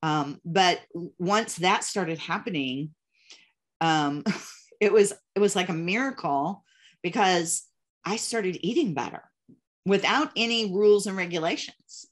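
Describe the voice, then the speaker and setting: A woman's voice: on the low side, a little slow. An older woman hosting a video interview, speaking emotionally and candidly with frequent laughter. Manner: emotional, laughs often, animated retelling. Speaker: host. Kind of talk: casual interview chat. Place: video call.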